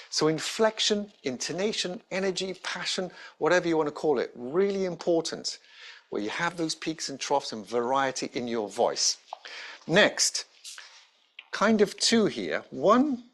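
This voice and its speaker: A man, a presentation skills trainer giving an instructional talk to camera with emphatic, varied intonation and deliberate pauses. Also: fairly high pitch, a bit bright.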